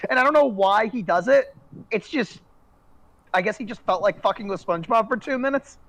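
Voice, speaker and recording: A man with a high voice hosts a relaxed group podcast. He talks in a halting way, with plenty of ums, restarts and repeated words. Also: no room sound, low-quality recording. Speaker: podcast host. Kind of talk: casual panel chat.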